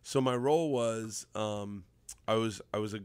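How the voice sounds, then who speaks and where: A man's voice: on the low side, moderate pace, clean tone, no echo. A man telling a long comic anecdote in casual podcast chat, acting out quotes as he goes. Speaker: guest comedian.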